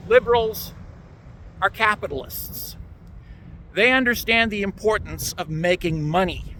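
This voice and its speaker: A man's voice: high-pitched, sharp tone, a little hiss or hum. A man from Canada giving a sarcastic, ranting political monologue straight to the camera. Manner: sarcastic, ranting, mocks opponents. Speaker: political commentator. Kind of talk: solo opinion monologue.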